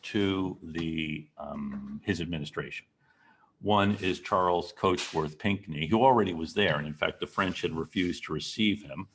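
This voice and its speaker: A man's voice: low voice, slightly rough. A man giving a classroom history lecture, telling the story and asking the class questions.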